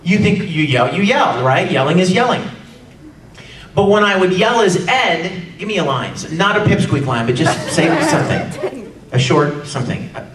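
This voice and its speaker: A man speaking on a live convention panel, lively and chatty, now and then acting out character lines and yells. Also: high-pitched, moderate pace, a little hiss or hum. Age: adult, no longer sounds young. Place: large convention hall with audience. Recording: echoey hall taped from far off with crowd.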